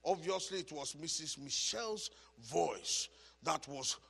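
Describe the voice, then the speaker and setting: A man teaching a Bible study as a sermon, preaching with passion, repeating phrases for emphasis and building to shouts. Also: on the high side, animated, unhurried, vocal fry, breathy edge, big-room sound.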